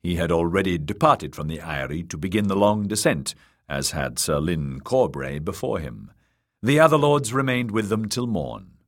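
A man narrating a fantasy audiobook in an expressive storytelling way. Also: deep voice, moderate pace.

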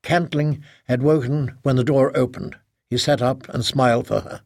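A man reads a novel aloud in a steady, measured narration. His voice has a gravelly grain at a middle pitch. The recording is dry and close to the mic. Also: dry recording. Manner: measured, even storytelling. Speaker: audiobook narrator. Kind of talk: scripted narration.

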